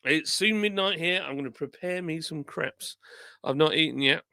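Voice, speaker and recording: A man's voice: a little high, moderate pace, creaky, bright, forceful tone, no room sound, clean studio sound. A tired man, streaming live and reading viewer comments aloud in a rambling, self-deprecating, chatty way.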